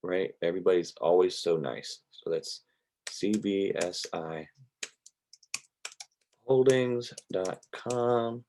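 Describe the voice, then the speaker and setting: A man, teaching an online real estate class in a relaxed, rambling way over a video call. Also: deep voice, slow, long pauses, noisy background. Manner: relaxed, rambling, drawls with y'all. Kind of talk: casual online class lecture. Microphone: computer mic on a video call.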